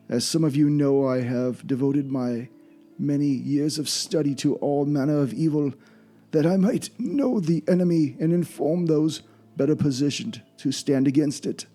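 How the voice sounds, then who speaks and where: A man's voice: mid-range voice, warm tone, pitched above the performer's own voice. A man voicing a formal, grave old male scholar, reading out his will in a tabletop game.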